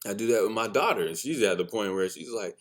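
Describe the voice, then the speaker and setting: A man's voice: on the low side, lively intonation, fast talker. A man hosting a casual solo podcast, telling candid stories as a father, swearing freely and laughing often at his own remarks. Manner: blunt, candid storytelling. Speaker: podcast host; father of a son and a daughter.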